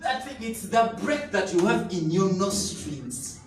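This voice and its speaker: A man's voice: sits high, sing-song, unhurried, distant mic. A man preaching a sermon, emphatic and repetitive, now and then breaking into tongues or sung phrases. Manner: emphatic, repeats key phrases, bursts into tongues and sung lines. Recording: echoey room, voice somewhat off the mic, faint noise.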